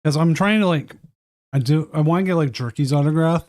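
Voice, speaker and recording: A man's voice: fairly high pitch, a little fast, a little mellow, dry recording, studio quality. A man chatting casually and rambling while streaming a card tournament. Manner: rambling, talks with mouth full at times.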